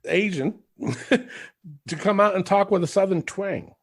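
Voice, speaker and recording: A man's voice: sits high, unhurried. A man co-hosting a podcast in casual chat, rambling, laughing and swearing freely. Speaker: podcast co-host.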